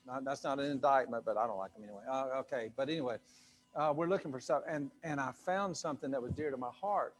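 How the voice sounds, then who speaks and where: A man's voice: mid-range voice, fast. A male pastor preaching to a live congregation in a loose, conversational way, full of fillers and asides. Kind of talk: sermon. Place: church sanctuary with a live congregation.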